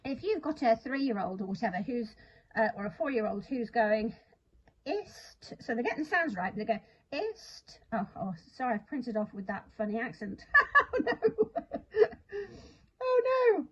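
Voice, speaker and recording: Husky woman teaching spelling. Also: a little high, animated, a little fast, highs cut off. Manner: chatty and self-deprecating, sounding words out. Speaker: literacy teacher. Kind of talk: instructional talk to camera.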